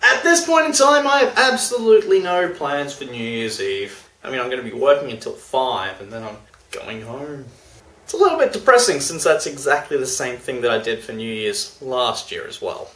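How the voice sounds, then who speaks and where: A man's voice: mid-range voice, normal speed. A young man talking casually and self-deprecatingly in a video diary, recorded from a distance in a room. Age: young adult. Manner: chatty, self-deprecating, animated. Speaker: vlogger. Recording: roomy, distant mic.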